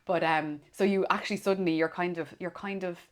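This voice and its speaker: An Irish woman in her thirties, a former police officer, telling stories in a relaxed chat and acting out the voices of people she quotes. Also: fairly low pitch, fairly quick. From Ireland. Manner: animated storyteller, acts out quoted voices. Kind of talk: casual conversation.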